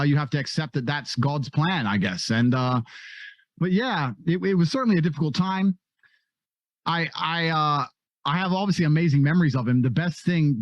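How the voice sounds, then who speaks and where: A man talking reflectively as a podcast guest, halting and restarting, swearing casually now and then. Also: medium pitch, dry recording, muffled recording.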